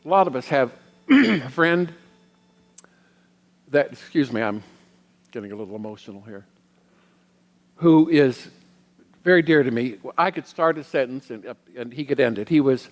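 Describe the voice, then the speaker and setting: A middle-aged male minister preaching with a mid-range voice, reflective and unhurried, pausing as he shares personal stories. His words ring out with a long reverb, as in a large church sanctuary. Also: medium pitch. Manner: reflective, personal storytelling with pauses. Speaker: guest minister. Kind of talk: sermon.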